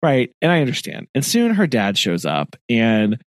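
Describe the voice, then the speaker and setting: A man's voice: medium pitch, moderate pace, dry recording, clean studio sound. A man co-hosting a podcast, telling a story in casual chat, laughing often and acting out the people in it. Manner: animated, laughing often, acts out quoted voices. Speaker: podcast co-host.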